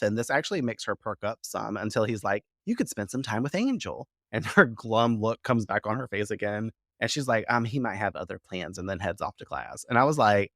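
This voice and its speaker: A man's voice: on the low side, a bit bright, no room sound, clean studio sound. A man co-hosting a podcast, giving a loose, rambling recap full of "like" and casual swearing, laughing often. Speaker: podcast co-host recapping episodes.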